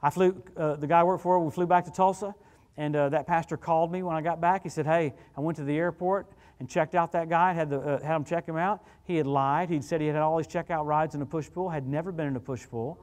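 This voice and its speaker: A male guest preacher with a fairly high voice tells stories from the pulpit. He is animated and chatty, throwing quick asides to the congregation. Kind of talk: storytelling sermon. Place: church service.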